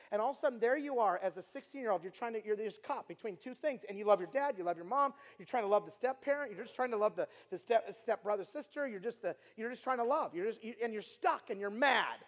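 A middle-aged man with a very high voice preaches in an earnest storytelling sermon. He repeats his points and swings between loud urging and a hushed tone. The long reverb of a large hall trails his words. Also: expressive, quick pace, few pauses. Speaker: youth speaker.

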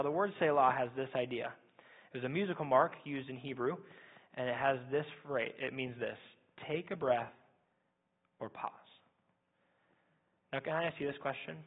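Fast-talking husky pastor preaching. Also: male voice, mid-range voice. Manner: fast-talking, energetic, repeats "right?". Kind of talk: sermon. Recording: tinny phone-like sound.

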